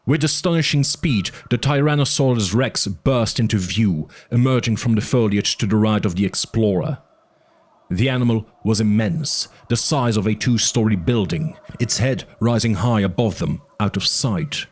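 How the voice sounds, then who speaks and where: A man narrating an audiobook with an expressive, dramatic reading. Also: on the low side, normal speed, husky.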